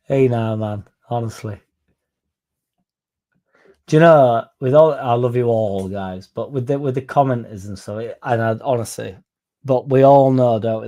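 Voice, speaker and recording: A man with a mid-range, dark-toned voice hosts a casual football fan livestream, reading comments from the live chat. He rambles and swears often, mocking critics in a raised, put-on voice.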